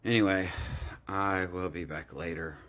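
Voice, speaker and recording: Guy talking to his phone in his baking room, slow easy rambly chat. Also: deep voice, fairly even intonation, fairly bright tone. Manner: chatty, rambling, self-talk asides. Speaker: home baking vlogger. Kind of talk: casual chat. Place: home baking room, indoors. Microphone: phone, sometimes earbuds.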